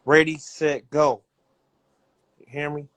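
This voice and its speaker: A man who runs a rap label, talking loud and profane in repetitive hype bursts while he pushes a cash giveaway on a livestream. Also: fairly high pitch, level tone, takes it slowly. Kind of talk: hyped social media livestream.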